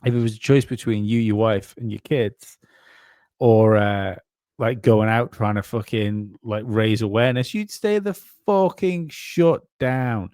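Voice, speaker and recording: A man's voice: lowish voice, measured pace, darkish tone, clear, resonant tone, no room sound, studio quality. A man co-hosting a casual conspiracy podcast, rambling and swearing, often restarting his sentences. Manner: rambling, profane, many restarts. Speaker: podcast co-host.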